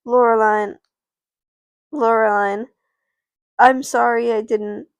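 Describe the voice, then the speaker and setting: A woman's voice: mid-range voice, measured pace, vocal fry, no room sound. A woman voicing a loyal teenage girl friend in narrated doll play, speaking up in a sincere, insistent way. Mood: earnest.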